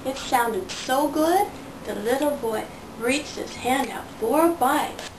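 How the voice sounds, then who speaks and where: A woman reading a picture book aloud to her toddler in a slow, sing-song storytelling voice. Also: high voice, animated, distant mic. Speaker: parent reading to her child. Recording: roomy sound from away from the mic, faint noise.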